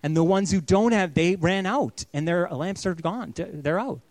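A man's voice: high-pitched, moderate pace, dry recording. Pastor, male, 30s, earnest storyteller, dry close sound. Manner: earnest, storytelling, often softening to a hush. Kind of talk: sermon.

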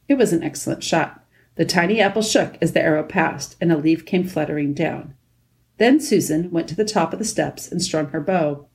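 A woman narrating a children's storybook at a steady pace. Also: low-pitched, creaky. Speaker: audiobook narrator.

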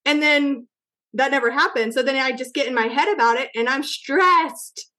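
A woman with a high voice hosting a casual podcast interview. She gushes over her guest's ideas and chats freely. Her talk is effusive and informal. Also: moderate pace, sharp tone. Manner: gushing and effusive, chatty. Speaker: podcast host.

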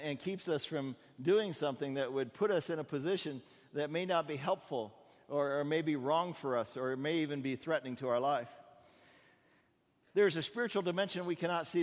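A man's voice: a little high, in a large hall. A man preaching a storytelling sermon in a conversational way, often repeating words as he goes.

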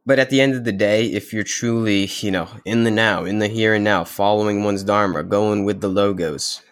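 Laid-back man with a low voice. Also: steady tone, normal speed, clear, resonant tone, no room sound, clean studio sound. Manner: laid-back, searching for words. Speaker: podcast guest. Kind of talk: casual spiritual conversation.

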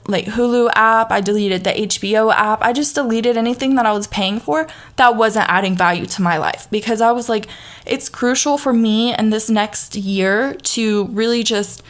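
Southern woman host, young, casual motivational chat, lots of "you know", restarts. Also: medium pitch. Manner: chatty, frequent fillers and restarts, laughs easily. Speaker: podcast host.

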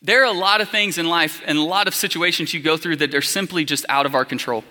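A man in his thirties delivers a sermon from a church hall, his voice pitched high and very bright. He preaches in a loose, storytelling way, packed with fillers. Long reverb trails every phrase. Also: quick pace. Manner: conversational storytelling with many fillers. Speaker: pastor.

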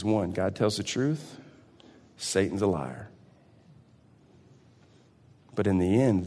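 Animated pastor in his forties, echoing hall. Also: on the low side. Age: 40s. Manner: animated, swinging between shouts and hushed intensity. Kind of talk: sermon.

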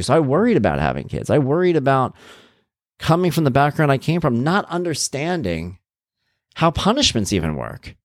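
A man's voice: mid-range voice, big pitch swings, brisk, a little mellow, no echo, studio quality. A middle-aged man earnestly telling his own life story as a parent, candid and reflective. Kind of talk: personal storytelling.

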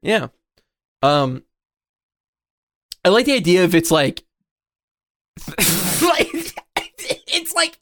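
Excitable, swearing man in casual chat. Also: fairly high pitch, unhurried, long pauses, dry recording, clean studio sound. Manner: profane, excitable, laughs often. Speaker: podcast co-host.

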